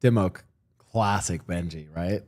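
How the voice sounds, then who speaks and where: A man hosting a casual chat, animated and quick to laugh, stammering as he starts his points. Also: low voice.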